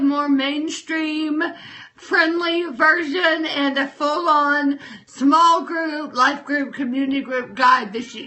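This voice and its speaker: A woman's voice: high voice, pushed and bright, rough recording. A young woman hosting a casual live-stream chat from her kitchen table, emotional and enthusiastic. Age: young adult. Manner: emotional, tearful at times, enthusiastic. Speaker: host.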